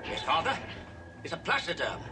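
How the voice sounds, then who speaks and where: An actor playing an anxious young son who speaks in nervous exclamations, heard from an old film soundtrack under loud music. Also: male voice, on the high side, huge pitch swings, normal speed, very noisy. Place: film scene.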